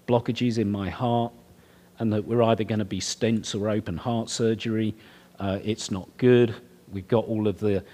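A man's voice: lowish voice, warm tone. A middle-aged man preaching, telling his own story in an earnest, conversational way. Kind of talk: sermon testimony.

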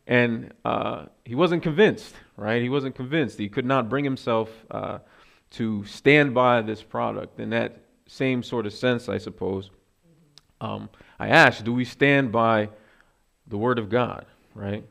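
A man's voice: mid-range voice, measured pace, creaky, fairly bright tone. A man giving a casual, conversational sermon with self-deprecating asides and frequent fillers. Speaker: preacher.

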